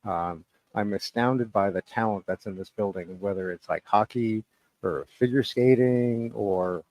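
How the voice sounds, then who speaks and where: A man with a fairly low voice answers interview questions politely, hesitating with filler words. The sound is dry and close, recorded on location at a bar and grill. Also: a little slow, a little mellow, no echo, poor audio. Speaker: guest, venue general manager. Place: bar and grill at a sports complex.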